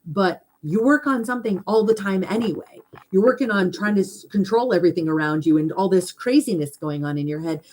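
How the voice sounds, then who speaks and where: A middle-aged woman hosting a casual spiritual talk, animated and mimicking chatter in higher mocking tones. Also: a little fast, few pauses, a little hiss or hum. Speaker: spiritual podcast host.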